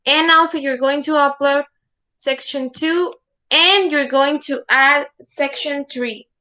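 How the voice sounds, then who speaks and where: Slow, bright-voiced woman teaching English. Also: high voice. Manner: slow, repeating words for students to echo; checks understanding with frequent "okay?". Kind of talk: online class instruction.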